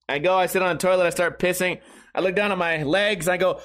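Giggly, swearing man with a high, lively voice. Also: fast talker. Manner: profane, giggly storytelling. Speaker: streamer. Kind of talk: casual rambling stream chat.

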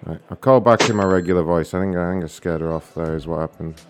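A man's voice: low voice, fast talker, over loud music. A man making prank calls as a show host, brash and profane, laughing at his own calls. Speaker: prank caller. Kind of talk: prank call show banter.

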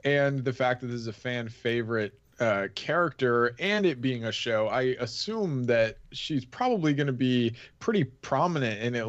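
A man's voice: medium pitch, dry recording, muffled recording. A man co-hosting a podcast in casual chat, speculating and hedging with filler phrases. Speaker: podcast co-host.

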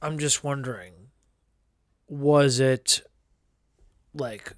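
A man's voice: medium pitch, very slow, no echo. Man with dry, teasing interjections. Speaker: podcast co-host. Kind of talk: casual chat.

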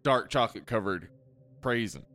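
A man's voice: lowish voice, normal speed, a bit bright, no room sound. A man co-hosting a casual podcast, rambling in a laid-back way with many fillers. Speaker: podcast co-host. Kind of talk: casual chat.

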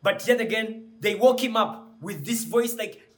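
Male preacher, high voice, impassioned sermon, rhetorical questions, repeats words. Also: normal speed, few pauses, fairly bright tone.

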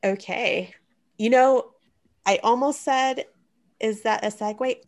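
Female podcast host, creaky voice, unhurried, teasing and wry. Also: fairly high pitch. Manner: wry, teasing, thinks aloud while searching. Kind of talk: casual chat.

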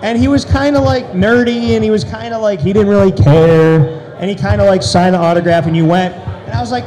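A man telling an animated story as an interview guest, with loud excited bursts. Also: high voice, fairly quick, poor audio.

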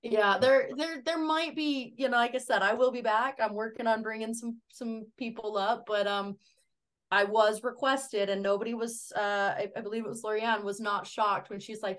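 An American woman, a podcast guest, telling lively stories in casual chat. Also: on the high side, a little fast. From United States. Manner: lively, laughing storyteller.

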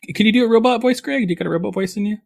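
A man's voice: high-pitched, creaky, crowd noise. A man in his thirties hosting a podcast, joking and laughing often in casual chat. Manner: fast, jokey, laughing often. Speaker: podcast host.

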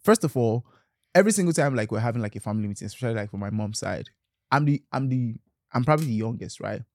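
A man with a Nigerian accent in casual chat, animated, often checking in with "right?" and "do you understand?". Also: mid-range voice, fast, dry recording, clean studio sound.

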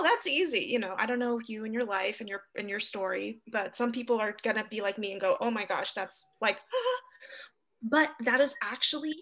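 An American woman sharing her experience as a podcast guest over a video call, animated and gasping for emphasis. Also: a little high.

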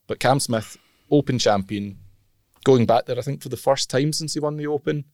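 A podcast co-host trades teasing, jokey banter with his partner in a relaxed chat. His voice is middling in pitch and moves at a moderate pace. The sound is dry and close, with no room or echo around it.

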